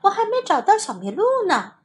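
A woman voicing an eager male beaver who shouts while searching in a children's storybook. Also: extremely high pitch, huge pitch swings, fairly quick, pitched above the performer's own voice, full character voice. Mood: calling. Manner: shouting, calling out.

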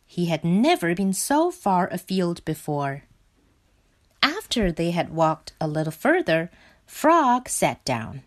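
A woman reading a children's picture book aloud in a slow, clear and expressive way. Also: on the low side. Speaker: storybook reader.

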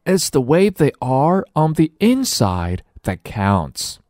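A man voicing an excited little girl in a children's storybook reading, with a bright, squealing delivery. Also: on the high side, slow, no echo, clean studio sound, pitched above the performer's own voice. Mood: earnest.

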